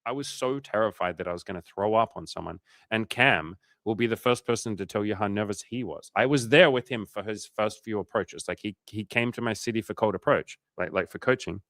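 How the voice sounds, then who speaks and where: A man's voice: lowish voice, a little fast, hardly any pauses, a bit bright, no room sound, studio quality. A young man coaching on a livestream, chatting casually, joking and swearing while reassuring viewers. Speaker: dating coach. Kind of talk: casual livestream chat reading viewer comments.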